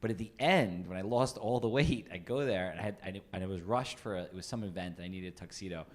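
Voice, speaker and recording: A man's voice: low-pitched, fast talker, a little hiss or hum. A man co-hosting a casual podcast, telling long rambling stories full of fillers and restarts. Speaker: podcast co-host. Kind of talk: casual chat.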